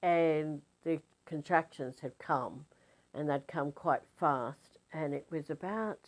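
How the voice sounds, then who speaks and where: An older woman, a spiritual teacher telling a story casually in a rambling, animated way with many fillers. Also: sits low, takes it slowly, low-quality recording.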